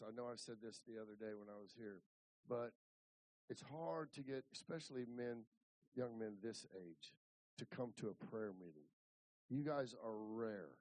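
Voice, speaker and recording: A man's voice: mid-range voice, darkish tone, dry recording, poor audio. Folksy preacher man in his fifties. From Ohio. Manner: rambling, repeats words and restarts. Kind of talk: folksy storytelling sermon.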